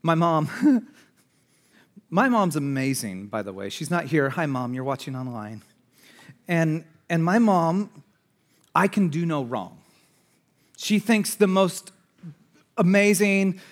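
A man preaching a sermon to a congregation in an energetic, conversational way, swinging between loud outbursts and hushed asides. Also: a little high, slow pace, long pauses. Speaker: pastor. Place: church in front of a congregation.

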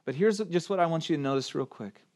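High voiced guy preaching a sermon, pastor vibe, animated, asks lots of rhetorical questions, hits words hard. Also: quick pace.

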